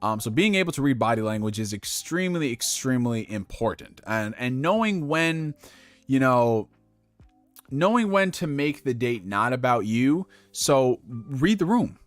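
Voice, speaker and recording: A man's voice: mid-range voice, very animated, a little slow, no room sound, soft background music. A young man hosting a casual livestream, giving dating advice in a loose, profane way and laughing at his own slips. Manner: talks directly to viewers with slang.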